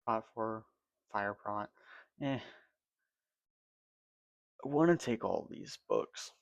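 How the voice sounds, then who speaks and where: A man's voice: lowish voice, slow pace, creaky, no echo, muffled recording. A man casually rambling through gameplay commentary for his channel, yawning and correcting himself as he talks, sleepy with a dry mouth. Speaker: gaming channel host.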